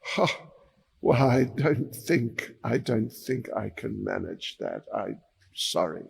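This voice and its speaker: A humble monkey devotee pleads and chants through tears, as a man acts him out. The voice is husky and gravelly and jumps high when he cries out. A long reverb hangs behind it. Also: animated, slow, exaggerated voice. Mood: hesitant. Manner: chanting the name in a cracking high pitch.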